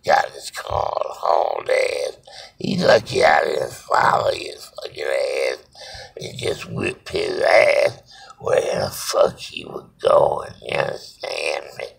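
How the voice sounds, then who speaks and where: A very deep, gravelly Cajun man in a grumpy, cussing comedic rant. He drawls slowly, his husky voice swinging widely in pitch. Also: fairly even intonation, fairly bright tone, rough recording. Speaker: comedic storyteller.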